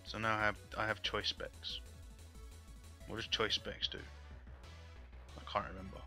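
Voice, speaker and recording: A man's voice: lowish voice, flat delivery, measured pace, bright, forceful tone, soft background music. A man giving frustrated live gameplay commentary, swearing often and breaking into angry outbursts. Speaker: gaming YouTuber.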